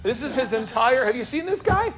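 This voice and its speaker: A man hosting a business talk show, joking and firing quick questions at the people in the room. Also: very high-pitched, a little hiss or hum. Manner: animated, jokey, quick asides to the room. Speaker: business coach and show host. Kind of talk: lively talk to a live room.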